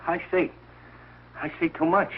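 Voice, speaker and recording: An actor playing an excitable, sentimental working-class father in a 1940s radio sitcom, lively and self-pitying. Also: a little high, measured pace, close to an everyday voice. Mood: hurt. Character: blustering, sentimental working-class family man. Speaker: father of the household. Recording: dull old radio broadcast with faint hiss.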